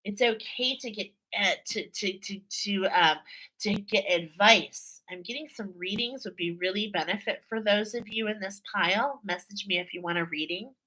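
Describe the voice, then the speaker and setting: Bright-voiced woman reading tarot cards. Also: medium pitch, normal speed, poor audio. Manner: chatty, repeats herself, frequent "okay?" and laughs. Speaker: tarot card reader. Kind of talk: casual spiritual card reading.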